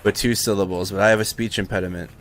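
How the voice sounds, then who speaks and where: A man's voice: fairly low pitch, steady tone, fast talker, fairly bright tone, slight background noise. A man hosting a live news stream, commenting casually and correcting himself as he goes. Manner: rambling, self-correcting.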